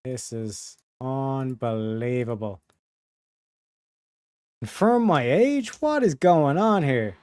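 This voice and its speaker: Dude streaming, reading stuff out loud w sarcastic crude comments, dry close mic. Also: male voice, medium pitch, expressive, slow pace, pauses often, clear, resonant tone, dry recording. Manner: sarcastic asides, crude language. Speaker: livestreamer. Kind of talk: casual livestream, reading text aloud with commentary.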